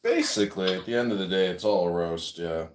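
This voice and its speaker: A man hosting a casual livestream chat, joking and offhand, often clearing his throat. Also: deep voice, fairly quick, reverberant, a little hiss or hum. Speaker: host.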